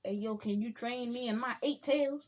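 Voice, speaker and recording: A woman voicing an excitable, brash male ninja who keeps saying "hey, yo", on a dull lo-fi recording. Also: fairly high pitch, normal speed, natural voice. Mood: eager. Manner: repeats "hey, yo".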